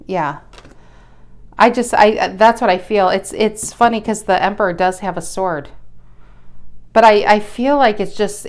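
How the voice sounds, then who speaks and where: A woman giving a casual tarot reading with a smooth, resonant voice. She talks bluntly and chattily to her viewers, swears offhandedly, and often breaks off to restart her sentences. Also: medium pitch. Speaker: tarot reader.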